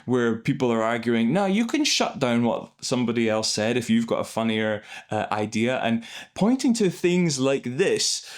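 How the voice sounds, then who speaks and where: A man, an improv coach hosting, explaining scenes in an animated, enthusiastic way. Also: medium pitch. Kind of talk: reaction and analysis commentary.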